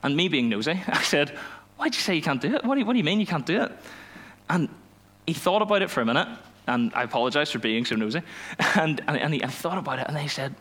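A young man, a youth pastor telling a personal story in a sermon, animated and self-mocking, acting out the dialogue. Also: on the high side, quick pace, slightly rough. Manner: animated storytelling, laughs at himself, acts out dialogue.

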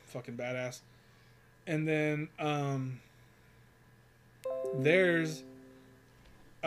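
A young man telling a rambling, profanity-filled work story in casual chat, with lots of fillers. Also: medium pitch.

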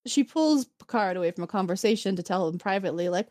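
A woman's voice: mid-range voice, fast talker, few pauses, dry recording, studio quality. A woman co-hosting a podcast, chatting casually as she recaps an episode and acts out the characters' lines. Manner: animated, acts out characters in quoted voices. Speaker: podcast co-host.

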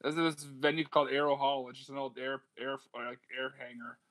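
A podcast co-host with a mid-range, steady, fairly bright voice talks fairly quickly. His casual chat is rambling and enthusiastic, packed with fillers and frequent swearing.

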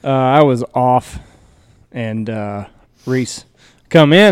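A man's voice: medium pitch, slow pace, clean tone, no room sound. A man co-hosting a hunting podcast, telling crude family stories with laughter and swearing in casual banter. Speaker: podcast co-host and hunting guide.

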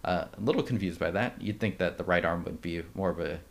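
A man co-hosting a casual film discussion podcast, speaking in a relaxed, measured way with frequent fillers. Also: deep voice, gravelly. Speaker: podcast co-host.

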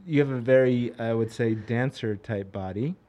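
A man hosting an interview, asking slow, halting questions with many fillers. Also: medium pitch, mellow, muffled recording. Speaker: interview host. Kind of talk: casual interview.

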